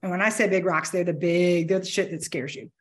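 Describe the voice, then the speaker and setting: A woman giving a motivational talk to a business networking group, energetic and candid, with casual swearing. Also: lowish voice, a little fast. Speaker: motivational speaker. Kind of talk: conversational keynote talk.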